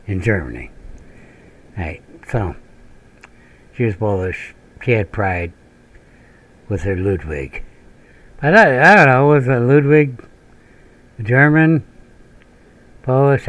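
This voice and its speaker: With a lowish, fairly bright voice and a little hiss or hum on the recording, this northern Minnesota man hosts a gaming channel. As he plays, he wanders through profane personal stories, laughing often and drifting off on tangents.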